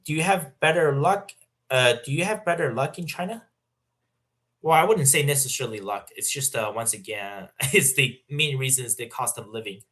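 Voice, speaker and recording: A man's voice: mid-range voice, a bit bright. Casual man chatting on a livestream. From Canada. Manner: halting, many fillers and restarts, laughs often. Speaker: livestream host. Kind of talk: casual livestream chat reading super chats.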